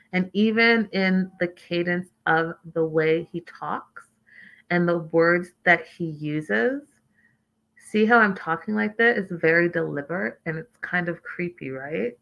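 A woman hosting a casual show, chatting in an animated, gossipy way and talking straight to her listeners. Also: medium pitch. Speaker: podcast host recapping a reality show. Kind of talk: casual chat.

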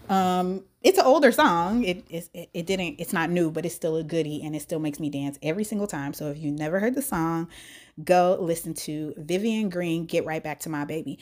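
A young woman hosting a casual solo podcast, sick with a cold and a scratchy throat, chatty and laughing often. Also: lowish voice. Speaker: podcast host.

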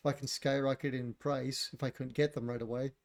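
A man's voice: medium pitch, level tone, fairly quick, creaky. Regular voiced guy ranting about consoles, swears a lot, laughs along. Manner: blunt, opinionated, swears, laughs often. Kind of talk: casual chat about video games.

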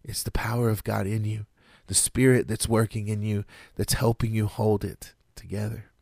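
A man delivers a sermon in an earnest, measured way, leaning on dramatic pauses. His voice sits on the low side. The sound is close and dry, with no room echo. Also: little pitch movement, vocal fry, a little mellow, breathy edge. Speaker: preacher.

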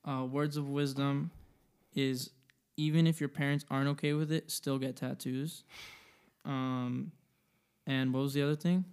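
A man in his twenties co-hosting a casual podcast in a dry, deadpan way. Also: medium pitch, unhurried, pauses often, smooth. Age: 20s. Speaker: podcast co-host.

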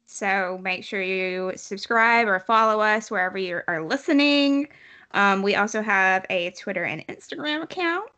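A woman's voice: medium pitch, normal speed, sharp tone. A woman co-hosting a podcast, chatting casually with lots of fillers and giggles. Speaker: podcast co-host.

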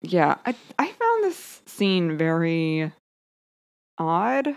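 A woman co-hosting a podcast, chatting casually with quick reactions and disgusted asides. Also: on the low side, huge pitch swings. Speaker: podcast co-host. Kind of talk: casual chat.

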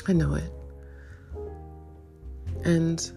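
A woman in her fifties hosting a reflective solo monologue, searching and questioning herself, with soft laughs. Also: fairly low pitch, a little slow, gravelly, faint music behind. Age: 50s. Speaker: podcast host.

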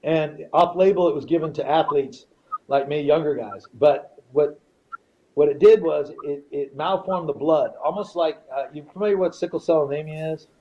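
A man's voice: fairly high pitch, normal speed, dark tone, dull audio. A man, a retired fighter, is a podcast guest telling a story casually in blunt, profane language and often repeats himself.

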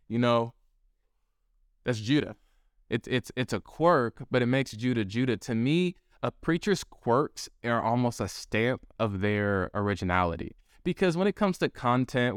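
A man teaching young preachers in a lively, conversational way, pushing his pitch up to stress key points. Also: smooth, no room sound, studio quality. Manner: energetic, conversational, shifts pitch up for emphasis. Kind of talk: teaching talk to camera.

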